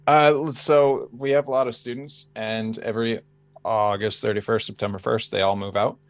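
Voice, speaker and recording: A man's voice: fairly low pitch, steady tone, normal speed. A man with a Boston accent co-hosting a podcast, patiently explaining things in casual chat. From Boston, United States. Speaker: podcast co-host.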